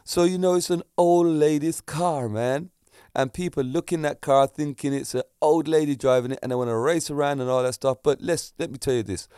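Man, middle-aged, casual storytelling, animated, dry recording. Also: fairly high pitch, fairly quick, clean tone, no room sound. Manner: animated, acts out voices in his stories. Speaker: kickboxing instructor.

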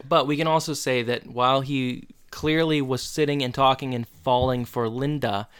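Wry, smooth-voiced man co-host. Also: medium pitch, fairly even intonation, normal speed, a bit bright. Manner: wry, teasing storyteller. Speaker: podcast co-host. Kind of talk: casual chat recapping a reality show.

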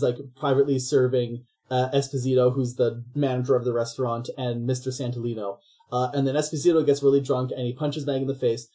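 Podcast host rambling thru a movie plot, mellow dark voice, doing little character bits. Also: medium pitch. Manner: rambling, animated storytelling with voices. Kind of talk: casual comedic film recap.

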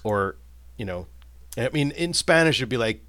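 A man's voice: on the low side, animated, moderate pace, fairly bright tone, no room sound. A man co-hosting a casual film discussion, recapping scenes and musing aloud, livening up when he quotes lines. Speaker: podcast co-host.

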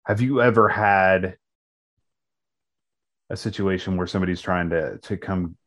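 A man co-hosting a casual podcast, asking a question haltingly and searching for his words. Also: deep voice, fairly bright tone. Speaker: podcast co-host, minister. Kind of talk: casual chat.

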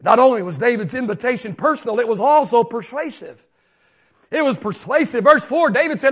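An older man preaching a sermon as pastor, repeating phrases emphatically and swinging from shouts down to hushed asides. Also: very high voice, animated, fairly quick.

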